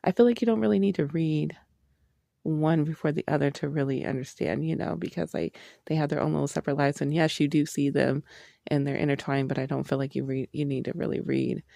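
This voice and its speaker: Female book vlogger, excitable and sweary, very fry-heavy mellow tone, dry close sound. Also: sits low, brisk, no echo. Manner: excitable, swears a lot, gushing. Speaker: book reviewer. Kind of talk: casual book review vlog.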